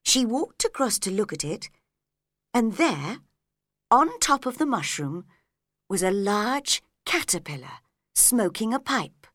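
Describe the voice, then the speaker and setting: A woman reading a storybook aloud as narrator, clear and expressive. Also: on the high side, a little slow, no echo, studio quality.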